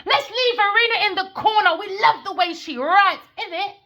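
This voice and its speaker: A woman's voice: very high-pitched, normal speed, pushed and bright, highs cut off, pitched above the performer's own voice. A woman mocking a fawning, syrupy man.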